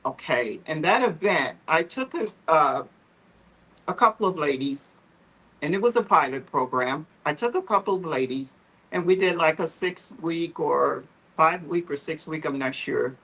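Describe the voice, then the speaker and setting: A woman's voice: low voice, lively intonation, moderate pace, fairly bright tone, slightly rough, low-quality recording. A woman, founder of a photo therapy group, telling her personal story on a livestream video call in a heartfelt, emotional, earnest way.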